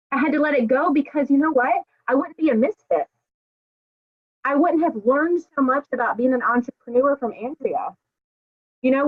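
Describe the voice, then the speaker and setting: A woman in her thirties, a coach hosting a group call, talking in a candid, profane way with lots of fillers. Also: high voice. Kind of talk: casual motivational talk. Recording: dry, tinny phone-like call audio.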